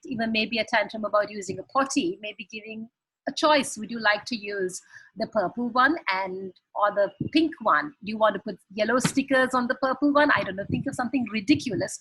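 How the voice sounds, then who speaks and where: Sri woman, husky and dry-sounding, earnest guest expert on a video call. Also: a little high, fairly bright tone, dry recording, poor audio. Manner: earnest, explains with examples. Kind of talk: advice talk on a video call.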